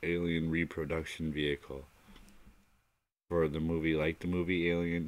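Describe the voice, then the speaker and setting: A man's voice: very deep voice, flat delivery, moderate pace, long pauses. A man hosting a solo podcast, rambling in a scattered, self-mocking way. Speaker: podcast host. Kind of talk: rambling solo comedy monologue.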